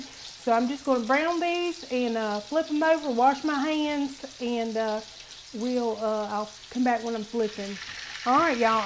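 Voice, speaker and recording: A woman's voice: fairly high pitch, background noise. A woman hosting a casual cooking demonstration in her home kitchen, chatty and homey, calling viewers honey. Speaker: cooking show host.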